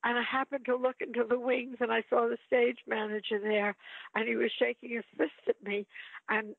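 A woman's voice: on the high side, level tone, normal speed, vocal fry, breathy edge, no echo. An older woman, an actress, telling playful anecdotes in an interview. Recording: phone-like line, dry.

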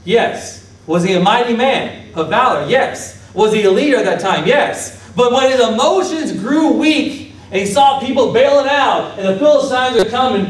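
High-voiced pastor preaching in an echoey hall. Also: male voice, moderate pace, few pauses. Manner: animated, asks the congregation questions and acts out Bible figures. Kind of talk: sermon. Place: church sanctuary. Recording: echoey church hall from a distance.

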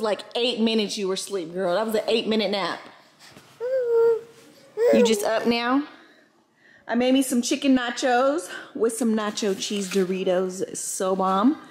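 A woman's voice: medium pitch, echoey room, slight background noise. A young woman vlogging at home about her twins, chatty and loose, with lots of "like" and "freaking". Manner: chatty, says "freaking" and "like" a lot. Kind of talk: casual home vlog. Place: family home.

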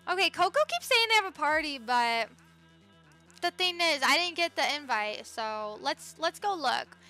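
Young woman, livestream host: high, bright, bubbly, chatty with viewers, faint music behind. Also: lively intonation, moderate pace. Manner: bubbly, greets viewers by name, swings between squeals and low murmurs. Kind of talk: live-stream gaming chat.

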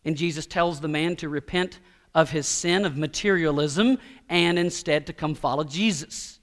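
Middle-aged guy preaching, kinda high voice, talks it through casual, stumbles and restarts words. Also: normal speed. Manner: conversational preaching with stammered restarts and quoted voices. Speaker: pastor. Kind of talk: sermon.

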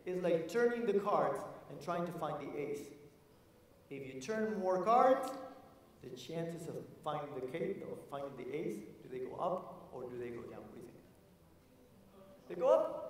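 Guy, motivational keynote, pretty high voice, super echoey big hall, sounds far from the mic. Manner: energetic, repeats phrases, asks the audience questions. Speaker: keynote speaker. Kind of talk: motivational conference talk. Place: large conference hall.

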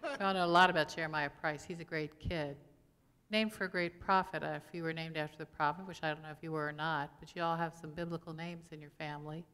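A woman's voice: low-pitched, steady tone, fast talker, fairly bright tone, clean tone. A woman pastor giving a conversational sermon, asking the congregation questions as she goes. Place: church sanctuary. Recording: long church reverb.

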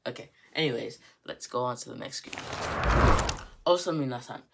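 Woman, very deep voice, casual language lesson, rambling, self-correcting. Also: vocal fry, heavy background noise. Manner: rambling, self-correcting, repeats words slowly to demonstrate. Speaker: Japanese teacher.

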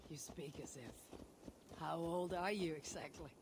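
A woman's voice: low voice, a little slow, a crowd in the background. An actress playing a blunt female Viking settlement leader in a video game, dry and matter-of-fact. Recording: game audio with clear background noise.

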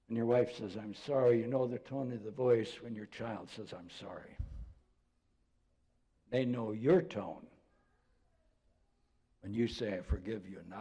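Older man, pastor, mellow, storytelling sermon, reverberant church sound. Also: medium pitch, husky. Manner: conversational storytelling preacher, drops to soft voice for quotes. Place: church sanctuary.

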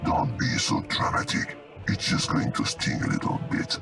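An actor voicing a mocking, unstable computer glitch in a video game, with a deep, distorted voice and a taunting manner. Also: male voice, moderate pace, recorded from a distance, lightly acted. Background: game music.

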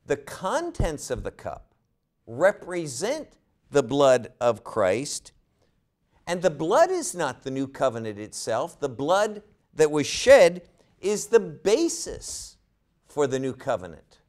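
A man's voice: a little high, huge pitch swings, slow, darkish tone. A man teaching a Bible study lecture, often asking rhetorical questions and repeating words as he thinks.

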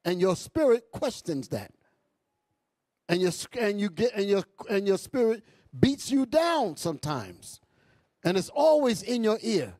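A male bishop preaching a sermon with impassioned bursts and low asides, calling out to the congregation. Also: lively intonation, unhurried, darkish tone, no echo. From New York. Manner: calls out to the congregation. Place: church hall.

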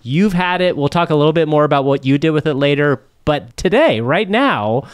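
A man co-hosting a podcast in casual chat, upbeat and joking, quick to laugh. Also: fairly high pitch, expressive, smooth. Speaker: podcast co-host.

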